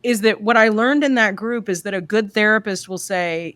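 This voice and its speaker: A woman's voice: medium pitch, moderate pace, fairly bright tone, dry recording. A woman therapist co-hosting a podcast, talking candidly about her work with frank, exasperated asides. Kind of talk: casual chat.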